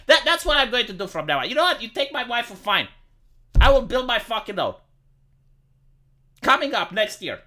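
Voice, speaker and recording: A man rants to his live-stream chat in a bright, edgy voice. His pitch swings widely as he talks. He swears often and trips over repeated words when he gets heated. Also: huge pitch swings, brisk. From Romania. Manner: profane, stammering, repeats words when worked up. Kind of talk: casual ranting chat to live viewers.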